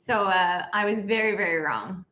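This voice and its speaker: A woman's voice: mid-range voice, normal speed, pushed and bright. A woman joining a live chat as a guest by video call, telling a story and laughing often. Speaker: church member and guest.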